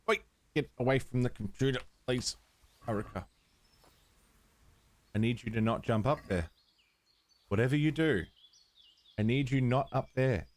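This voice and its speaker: A man's voice: on the low side, darkish tone. A man streaming a game live, chatting casually with his viewers and fussing at his cat as he plays. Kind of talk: casual livestream chat.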